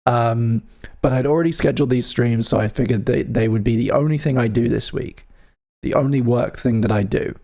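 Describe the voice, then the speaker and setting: A man's voice: mid-range voice, brisk, dark tone. A man from the UK hosting a live music stream, chatting casually and playfully with his viewers in a rambling, teasing way. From United Kingdom.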